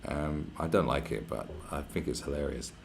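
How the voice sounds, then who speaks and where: Gravelly, very deep-voiced man streaming. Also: normal speed, a little hiss or hum. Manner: rambling, profane, chatty. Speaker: live streamer. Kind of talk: casual livestream chat. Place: where he is staying, not his home.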